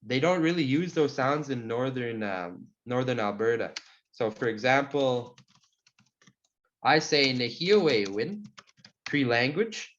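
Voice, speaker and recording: A man teaching an online language class, answering questions in a relaxed, friendly way with many fillers. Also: medium pitch, unhurried, a little hiss or hum. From Saskatchewan, Canada. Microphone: video call. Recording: muffled video call audio.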